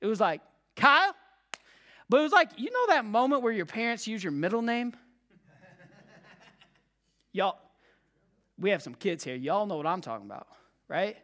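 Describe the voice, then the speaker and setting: Emphatic preacher with a bright voice. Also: big pitch swings, moderate pace, pauses often. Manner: emphatic, repeating phrases, swinging between loud cries and hushed low tones. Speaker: pastor. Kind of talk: sermon. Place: church service with a live congregation.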